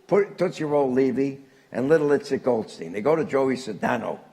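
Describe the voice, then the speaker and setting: Gravelly older man. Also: medium pitch, normal speed. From Newark, New Jersey. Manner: animated anecdotal storyteller, chuckling punchlines. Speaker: author and guest speaker. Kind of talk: storytelling to a live audience.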